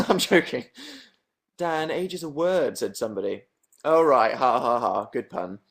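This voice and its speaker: A man's voice: fairly high pitch, very animated, a little slow, gravelly. A young man from England hosting a casual late-night livestream from his bedroom, reading viewer comments in a dry, sarcastic, self-mocking way. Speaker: livestream host.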